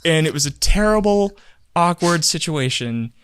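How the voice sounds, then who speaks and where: A man's voice: fairly high pitch, normal speed, clean tone, no echo, studio quality. A man co-hosting a podcast, telling a rambling story in a casual chat and acting out what people said. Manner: animated storyteller who acts out what people said; rambling, with many fillers and self-corrections. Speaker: podcast co-host.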